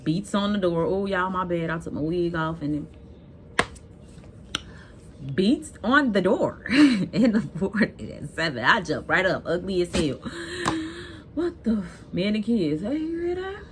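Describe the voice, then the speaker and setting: Mother on camera, low-pitched, scolding and emphatic, talks straight to viewers. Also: unhurried, pauses often, background noise. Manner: animated, emphatic, addresses viewers directly; blunt and scolding. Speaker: vlogger telling a personal story. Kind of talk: casual storytelling to viewers.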